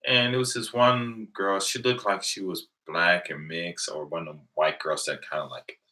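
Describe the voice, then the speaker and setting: A man's voice: low voice, fairly even intonation, normal speed, sharp tone. An American man in his thirties, chatting casually with viewers late at night from home, telling rambling stories and laughing often. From United States. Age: 30s. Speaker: livestream host.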